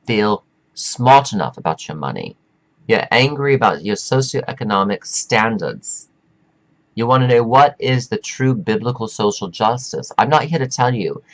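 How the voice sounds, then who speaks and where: A man's voice: medium pitch, rough recording. A man giving a meandering, preachy spiritual pep talk, stretching out words for emphasis. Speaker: self-help speaker.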